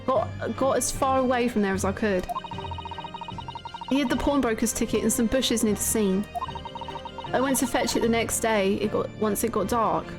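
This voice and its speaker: A woman's voice: a little high, natural voice. A woman voicing a streetwise young working-class woman from the East End in a video game, speaking plainly and defiantly, with game music behind. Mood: confessing. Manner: plain-spoken, defiant, slow. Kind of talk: reading game dialogue aloud.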